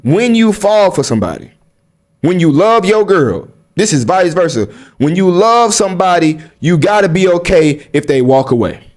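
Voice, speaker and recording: A man's voice: high voice, big pitch swings, moderate pace. A young man giving blunt, slang-heavy life advice straight to his viewers, firing rhetorical questions at them. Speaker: vlogger. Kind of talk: casual advice monologue to camera.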